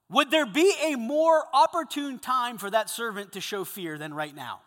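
A man preaching a sermon to a group of men, animated, swinging between loud emphasis and hushed intensity. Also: high-pitched, a little slow, big-room sound. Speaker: pastor.

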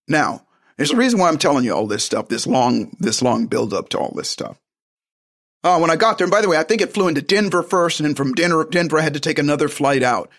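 A man's voice: on the high side, fairly bright tone. A man telling a personal story in a casual, rambling way, with frequent restarts and side remarks.

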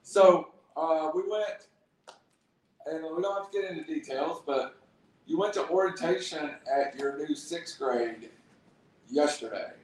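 An adult podcast host nudges children along with gentle questions, pausing on "uh" and "um" as they go. The voice sits mid-range and comes from a step back from the mic. A very echoey room and a faint hiss ring around every word. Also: mid-range voice, distant mic. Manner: prompting questions with hesitant fillers. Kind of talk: casual family podcast chat.

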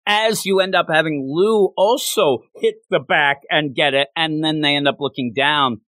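A man whose voice is a little high reviews a comic issue at normal speed, recorded with no echo. Chatting casually and animatedly, he acts out quotes while retelling scenes, with frequent fillers and restarts along the way.

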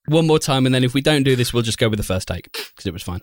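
A man's voice: very high voice, wildly swooping pitch, very slow, pauses often, very noisy. A man hosting a podcast, mixing casual chat with read-aloud passages, who laughs easily and breaks up mid-read while wearing headphones at a studio mic. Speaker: podcast host.

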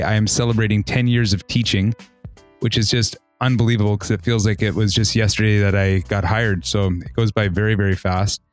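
A man, a guest on a podcast, chatting in a relaxed, upbeat way and laughing easily. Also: fairly low pitch. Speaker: podcast guest, trades instructor. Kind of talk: casual podcast conversation.

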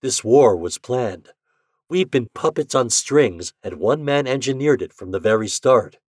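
A man reads a story aloud, voicing a determined young journalist who speaks earnestly and insistently, pitched above his own voice. The delivery is mid-range, animated, a little slow and a little mellow, in clean, echo-free studio sound.

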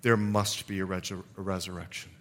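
A male pastor preaching a sermon, reading scripture aloud and commenting between verses, his voice climbing high on the key lines. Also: level tone, brisk, a bit bright.

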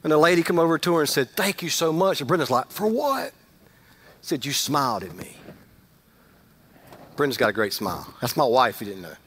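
A middle-aged male pastor delivers a conversational sermon, swelling to loud emphasis and sinking into quiet asides. His mid-range voice is husky and moves a little fast.

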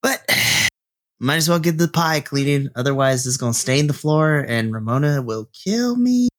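A chirpy male lord host in a tabletop game, put on by a man. He speaks in soft, whispery, polite tones with a voice that bounces around, lifting well above a man's usual pitch. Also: animated, measured pace. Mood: cheerful.

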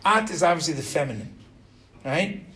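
With a slightly high voice at a moderate pace, a middle-aged man leads an informal religious lesson for students. He stays animated, keeps quizzing them, and ends his points with "right?".

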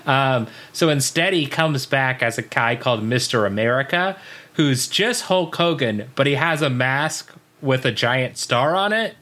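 Bright-voiced man telling a rambling story. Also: mid-range voice, lively intonation, a little slow. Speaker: podcast co-host. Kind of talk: casual chat.

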